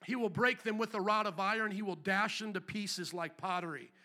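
A man preaching a fiery sermon as pastor, dropping to quiet asides and rising to shouted emphasis. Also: high-pitched, fairly quick. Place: church.

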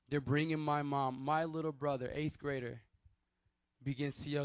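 A man's voice: mid-range voice, level tone, brisk, no room sound. Man preaching. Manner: conversational storytelling with restarts and acted quotes. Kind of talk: sermon with personal testimony.

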